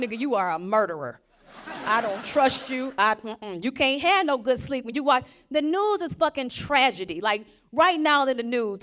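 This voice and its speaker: A young adult woman with a fairly high voice does stand-up comedy, telling profane stories loudly and animatedly while acting out the people she quotes.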